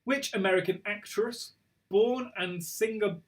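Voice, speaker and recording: Brief: male quiz host, slightly high voice, chatty and self-mocking, stumbles over words. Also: measured pace. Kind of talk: casual live quiz hosting.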